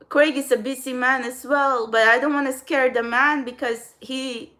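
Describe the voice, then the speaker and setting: A woman's voice: sits high, takes it slowly, a bit bright. A woman vlogging casually to her viewers. She rambles, laughs often, restarts her sentences and scolds trolls bluntly.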